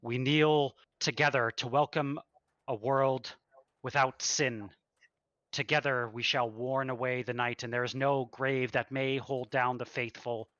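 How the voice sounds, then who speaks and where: Booming pious abbot voiced by a man, smooth and rehearsed, bright tone, lo-fi dry sound. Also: fairly even intonation, measured pace, no room sound, close to an everyday voice. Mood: preaching.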